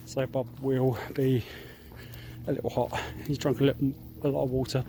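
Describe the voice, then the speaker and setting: A man vlogging a dog walk, explaining calmly and giving firm commands to his dog. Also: mid-range voice, normal speed, a little hiss or hum, poor audio. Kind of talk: casual vlog narration while walking a dog. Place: outdoors in fields and paddocks. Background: light outdoor ambience.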